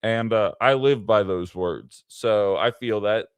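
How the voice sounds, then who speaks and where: A man's voice: on the low side, slow, clear, resonant tone, no room sound. A man hosting a casual political livestream, talking in a rambling way with fillers and asides to his chat. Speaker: livestream political show host.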